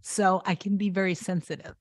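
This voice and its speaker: A woman's voice: mid-range voice, steady tone, fairly quick, no room sound, studio quality. A woman manifestation coach chatting on a live stream, earnest and emotional, reading viewer comments aloud. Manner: emotional, warm-hearted.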